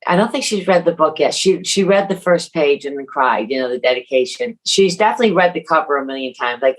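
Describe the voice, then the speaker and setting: A middle-aged woman talking casually as an author and guest on a podcast, animated and acting out family quotes. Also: low-pitched, fast, hardly any pauses, low-quality recording.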